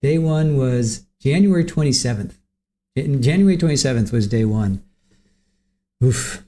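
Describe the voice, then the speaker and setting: Man, livestream host, casual chat, greets viewers by name, mellow dark tone. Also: medium pitch, lively intonation, measured pace.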